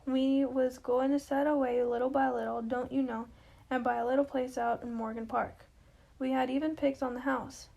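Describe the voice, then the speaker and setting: A woman voicing Mama, a wistful, grieving older widow and matriarch, in an amateur play reading, talking slowly in homely, folksy phrasing. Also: high-pitched, flat delivery, creaky, warm tone, muffled recording.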